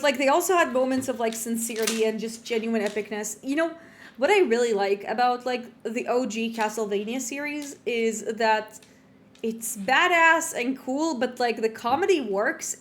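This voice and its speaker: A young adult woman streamer giving live let's play commentary, rambling and animated with lots of fillers and restarts. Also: on the high side.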